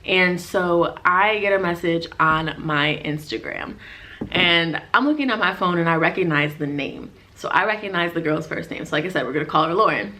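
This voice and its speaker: A woman's voice: lowish voice, bright, forceful tone. A young woman vlogger telling a personal story to camera in casual chat, full of "like" fillers and acted-out quotes. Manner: chatty, lots of "like" fillers, acts out quoted lines.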